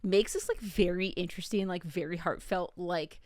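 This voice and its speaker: A woman co-hosts a casual recap podcast, rambling through scenes with a stream of "like"s. Her voice sits a little low and is recorded dry and close. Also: normal speed, a little mellow, dry recording. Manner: chatty, describes scenes at length with many "like"s. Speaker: podcast co-host recapping a show. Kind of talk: casual chat.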